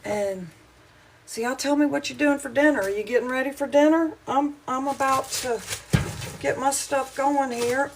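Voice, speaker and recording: A woman's voice: high voice, moderate pace, background noise. A middle-aged woman with a Southern American accent, chatting with viewers on a casual cooking livestream, homey and rambling, a little wheezy from hay fever. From Southern United States. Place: home kitchen.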